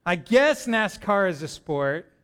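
A middle-aged man preaching a sermon to a congregation in a church, lively and joking as he talks to them directly. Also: high-pitched, slow pace, clear, resonant tone. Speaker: pastor.

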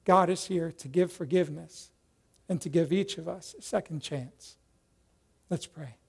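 Animated high-voiced male preacher. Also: unhurried, vocal fry, breathy edge. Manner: animated storyteller, acts out quoted voices loudly, drops to soft prayerful tone. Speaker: pastor. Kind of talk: sermon with storytelling.

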